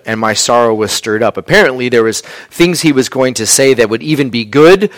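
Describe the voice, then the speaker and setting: A man's voice: medium pitch, a bit bright, no room sound. A man preaching a sermon in a conversational, plainspoken way, with casual asides. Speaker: pastor.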